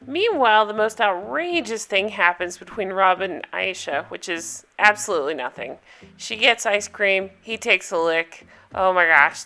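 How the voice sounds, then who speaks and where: A woman hosting her own recap show, talking casually through the episode in a sarcastic, gossipy, animated way. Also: medium pitch. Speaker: podcast host recapping reality TV.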